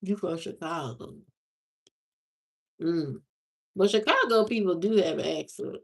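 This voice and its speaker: A woman's voice: fairly low pitch, expressive, unhurried, creaky, breathy edge. A woman from Indiana hosting a livestream, chatting casually with viewers in slangy, repetitive talk full of fillers. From Indiana, USA. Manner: slangy, drawling talk with lots of repeats and fillers. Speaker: livestream host. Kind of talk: casual chat answering live viewers.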